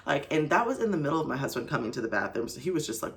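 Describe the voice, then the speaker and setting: Young woman vlogging, gravelly low creaky voice, rambly and chatty, lots of likes and you knows. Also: expressive, quick pace, hardly any pauses. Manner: chatty, full of "like" and "you know" fillers. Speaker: faith vlogger. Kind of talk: casual storytelling to camera.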